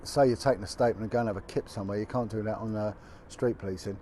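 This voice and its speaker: A man's voice: on the low side, steady tone, very fast, dark tone, a little hiss or hum. A man, a former detective giving a blunt, indignant, colloquial video update. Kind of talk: impassioned direct-to-camera update.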